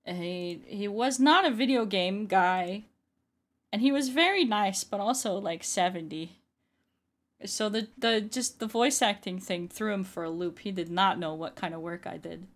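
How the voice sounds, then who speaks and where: A woman's voice: medium pitch, unhurried. A woman who makes videos and ASMR, chatting casually while she plays a game, often repeating her phrases. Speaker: YouTuber and ASMR artist. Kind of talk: casual gameplay commentary.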